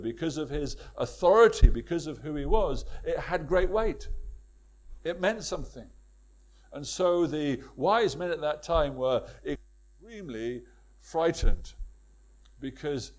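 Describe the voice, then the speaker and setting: A man's voice: on the high side, a little mellow. A man preaching a sermon with emphatic repetition and rhetorical questions to his congregation.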